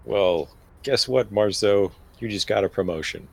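A man voicing a calm, persuasive male vampire who cuts deals in a tabletop game. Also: lowish voice, moderate pace, gravelly, breathy edge, rough recording. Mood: scheming. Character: smooth scheming male vampire dealmaker.

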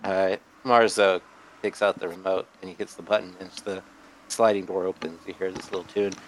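Low-voiced mumbling player over noise. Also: male voice, little pitch movement, brisk. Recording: noisy background.

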